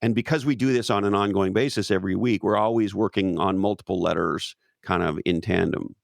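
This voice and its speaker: A man's voice: sits low, a little fast, gravelly, dry recording, studio quality. A man talking casually as an interview guest, emphatic and profane, with many restarts.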